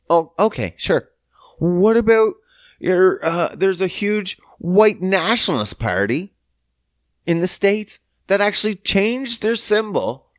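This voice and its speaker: A man's voice: high voice, sing-song, a little slow, no echo, studio quality. A man from Canada hosting a podcast, ranting in a casual, profane, incredulous and sarcastic way. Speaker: podcast host. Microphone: podcast mic.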